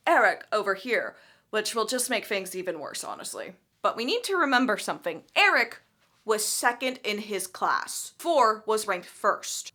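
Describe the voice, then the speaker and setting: A young woman recapping a book with sarcastic, animated asides. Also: on the high side.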